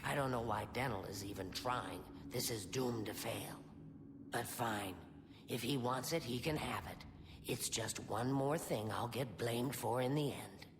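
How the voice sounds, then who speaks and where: A sulky, bitter elf scholar. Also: female voice, a bass voice, a little slow. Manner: bitter, muttering, defeatist. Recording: distant, reverberant game audio with hum.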